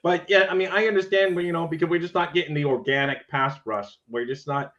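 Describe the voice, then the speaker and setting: A man's voice: on the high side, fast, fairly bright tone, highs cut off. A man co-hosting a casual sports talk show in an easygoing, agreeable way, with many "you know" fillers. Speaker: podcast co-host.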